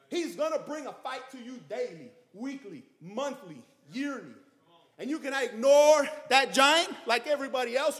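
A man preaching a sermon with emphatic delivery, swinging his pitch and volume up and down. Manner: emphatic preaching that rises and drops in pitch and loudness. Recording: long hall reverb.

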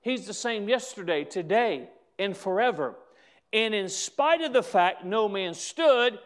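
A man preaching a sermon, slowing down and drawing out key words for emphasis. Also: high-pitched, expressive.

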